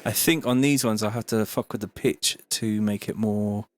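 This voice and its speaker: A man's voice: fairly low pitch, fairly even intonation, moderate pace. A man chatting casually and swearing while he makes music and reads viewer comments aloud. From Bristol, England. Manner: laid-back, rambling, swears, reads chat comments aloud. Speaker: music producer hosting a livestream. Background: faint music from the track being made.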